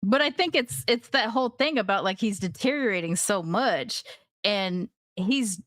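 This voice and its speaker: A woman's voice: medium pitch, lively intonation, moderate pace, a bit bright, no room sound, studio quality. A woman co-hosting a podcast, thoughtfully analyzing characters in a casual TV recap. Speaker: podcast co-host.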